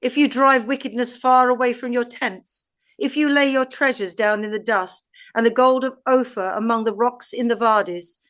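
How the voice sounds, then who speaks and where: An English woman with a slightly high voice reads scripture aloud for a podcast. Her delivery is measured and deliberate, each line given its own space. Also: a bit bright. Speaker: podcast co-host.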